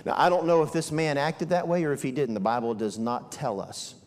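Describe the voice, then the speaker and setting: A middle-aged man preaching a sermon as an evangelist, animated and acting out characters. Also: on the high side, a little fast. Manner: animated, acts out characters in asides. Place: church sanctuary. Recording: long hall reverb.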